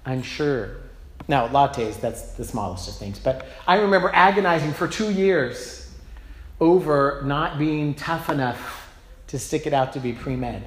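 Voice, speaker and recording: A pastor with a slightly high voice takes an unhurried pace through his sermon. He tells personal stories, poking fun at himself in a conversational style. The church recording has a roomy echo and faint background noise.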